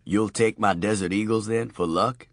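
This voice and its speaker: Cast: a man playing a deep-voiced, unhurried streetwise tough guy, dry close recording. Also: steady tone, gravelly, dry recording. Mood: cool.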